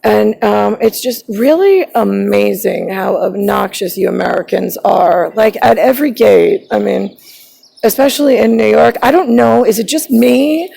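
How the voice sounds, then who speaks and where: Gravelly, husky woman ranting. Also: medium pitch, unhurried, mellow, rough recording. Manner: agitated, swearing, drifting between topics. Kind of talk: rambling personal rant.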